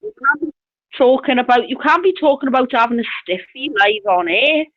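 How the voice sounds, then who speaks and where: A woman's voice: sits high, animated, a little fast. A woman co-hosting a casual live chat stream, giggling through fits of laughter. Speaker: livestream co-host. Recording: lo-fi dull livestream audio.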